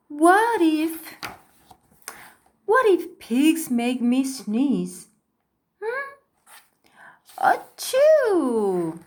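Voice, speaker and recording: A woman's voice: sits high, a little mellow, exaggerated voice. A woman reading a storybook aloud, voicing a worried, sneezy male elephant who stammers and frets. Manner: stammering, sniffly, fretful.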